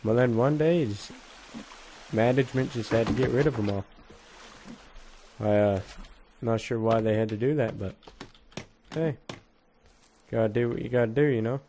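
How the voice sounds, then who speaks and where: A man jokes and swears his way through a video game in an easygoing, mid-pitched voice. Game sound and noise sit clearly behind him on a noisy home recording. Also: moderate pace, pauses often, warm tone. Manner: joking, crude, swears a lot. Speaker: gameplay commentator. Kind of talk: casual let's play commentary.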